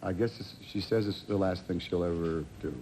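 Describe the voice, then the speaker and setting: A man in his fifties telling a rambling anecdote as a talk show guest, halting and restarting often. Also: low-pitched, steady tone. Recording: TV studio with audience noise.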